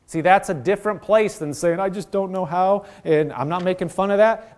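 A man's voice: sits high, normal speed, hardly any pauses, a little mellow. A man preaching a sermon, earnest and exhorting, often repeating phrases and restarting his sentences.

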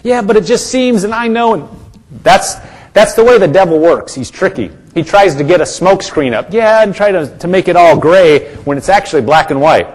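Emphatic male preacher, slightly high voice. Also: expressive, normal speed, slightly rough. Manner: emphatic and repetitive, calls for congregation responses. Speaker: pastor. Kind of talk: sermon.

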